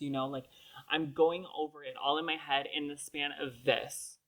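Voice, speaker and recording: A woman's voice: deep voice, measured pace, a bit bright, poor audio. A young woman co-hosting a podcast, retelling a story in casual chat with dramatic, rambling flair. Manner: dramatic, rambling, says "literally" and "like" often. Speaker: podcast co-host.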